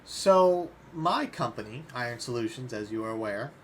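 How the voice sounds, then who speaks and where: A man playing a large, shrewd male goliath businessman who speaks in a smooth, measured sales patter. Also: medium pitch, animated, a little hiss or hum, close to an everyday voice. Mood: smooth menace.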